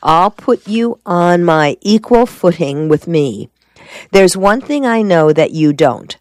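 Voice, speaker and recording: A woman reading the part of a shrewd, calm male defense lawyer in a storybook, keeping him measured and evasive. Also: fairly low pitch, no room sound, voice pushed up. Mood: confiding.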